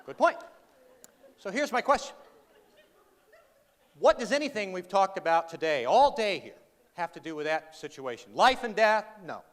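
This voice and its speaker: High-voiced man telling comic stories in a hall. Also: very animated, normal speed, pauses often, a bit bright, some chatter behind. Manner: dry, sarcastic, chatty with the audience. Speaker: humorous speaker. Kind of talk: comic keynote storytelling. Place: large hall with an audience. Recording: reverberant hall, faint noise.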